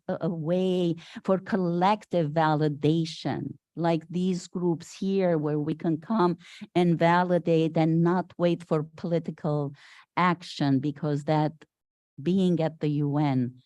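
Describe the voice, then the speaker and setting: An older woman from Syria speaks as a guest at a Sunday service, her low voice unhurried. She tells her story with animation and acts out the people she quotes. The sound is close and dry. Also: warm tone, no room sound. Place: spiritual center meeting hall.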